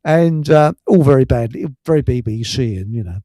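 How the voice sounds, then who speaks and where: A man's voice: medium pitch, animated, normal speed, warm tone, no room sound, clean studio sound. A man hosting a casual chat show, telling stories in a chatty way and now and then slipping into silly put-on voices. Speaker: show host.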